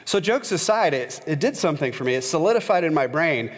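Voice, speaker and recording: A man's voice: a little high, a little fast, noisy background. Man preaching in a reverberant church. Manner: conversational, frequent "uh" fillers, grows animated when retelling a story. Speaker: pastor. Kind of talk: sermon with personal storytelling. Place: church sanctuary. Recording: long reverb of a large church hall.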